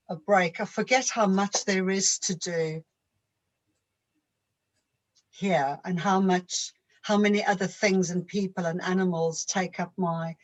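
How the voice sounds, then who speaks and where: A woman talking slowly and thoughtfully as a coaching client, pausing often while she searches for words. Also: on the low side, rough recording. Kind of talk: reflective coaching conversation. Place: home.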